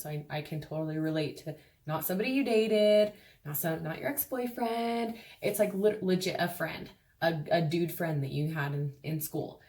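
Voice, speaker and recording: With a lowish, slightly mellow voice, a tarot reader chats her way through a relaxed reading. She talks bluntly, curses without hesitation, and performs the voices of people she quotes.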